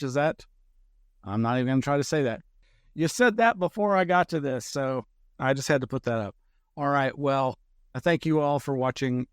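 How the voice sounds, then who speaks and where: A man with a smooth, resonant voice hosts a casual live-stream news roundup. He rambles and wanders through his thoughts, stopping and correcting himself mid-sentence. The sound is dry and close, with no room around it. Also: a little high, no echo. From Texas. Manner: chatty, rambling, self-interrupting. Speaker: host of a weekly news roundup show.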